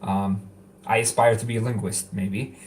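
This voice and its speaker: A man's voice: on the low side, level tone, moderate pace, a little hiss or hum. A young man whose first language is Arabic, chatting casually in a vlog, rambling with many fillers and restarts and laughing often. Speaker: language-learning vlogger.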